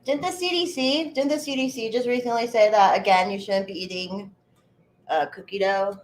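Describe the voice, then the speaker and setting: A woman's voice: mid-range voice, fairly even intonation, normal speed. Chatty, swearing woman streamer in her thirties. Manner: chatty, profane, answers chat by name. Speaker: livestream host. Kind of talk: casual chat while baking. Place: home kitchen.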